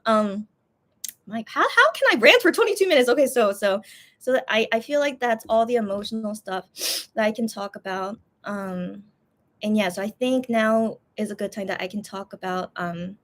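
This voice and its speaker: A woman's voice: medium pitch, expressive, normal speed, fairly bright tone. A young woman chatting casually on a livestream, rambling with many fillers and restarts as she talks emotionally about a concert. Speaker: livestream host. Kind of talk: casual chat.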